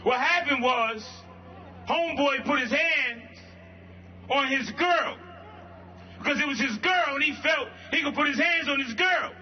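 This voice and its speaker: A man from Brooklyn giving a protest rally speech, shouting call-and-response lines in street slang. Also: very high-pitched, unhurried, pauses often, a little hiss or hum. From Brooklyn, New York. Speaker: rally speaker, violence-prevention worker. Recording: lo-fi livestream with crowd. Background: faint crowd.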